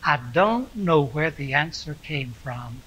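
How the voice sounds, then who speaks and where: A man with a rather high, bright voice speaks unhurriedly, recalling events as a preacher playing Simon Peter the fisherman. The telling is reflective and earnest, in the manner of a sermon monologue. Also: expressive, slightly rough, low-quality recording. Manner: slow, reflective storytelling. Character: Simon Peter, aging fisherman-apostle recalling his past. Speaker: pastor. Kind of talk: first-person character monologue as Simon Peter.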